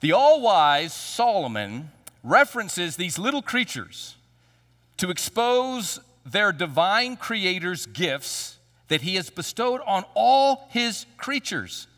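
A pastor preaching to his congregation in a bright, forceful voice that swoops up and down with emphatic pauses. His voice is fairly high for a man and rings with a long reverb through a large church sanctuary. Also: very animated. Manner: emphatic, with dramatic pauses and sweeping pitch. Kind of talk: sermon.

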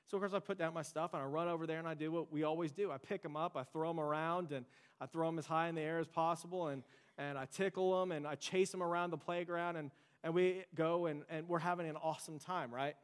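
A young man serving as pastor delivers his sermon at a quick pace, his slightly high voice steady and clean. Conversational yet earnest, he weaves in story asides, with long church-hall reverb surrounding him in the sanctuary.

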